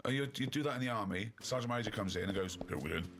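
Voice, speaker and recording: A man's voice: lowish voice, rapid-fire. A man hosting a casual chat, teasing and mocking, slipping into put-on voices. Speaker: show host.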